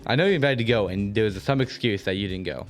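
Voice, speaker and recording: A young man co-hosting a podcast, teasing his friend and firing quick questions in casual chat. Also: fairly low pitch, soft background music. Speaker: podcast co-host.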